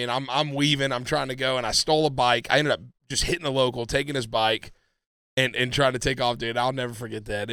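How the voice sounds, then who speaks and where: A man co-hosting a casual podcast, telling animated stories and acting out quoted lines. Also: mid-range voice, clear, resonant tone, no echo, studio quality. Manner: animated storytelling, acts out quotes. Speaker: podcast co-host. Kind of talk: casual chat.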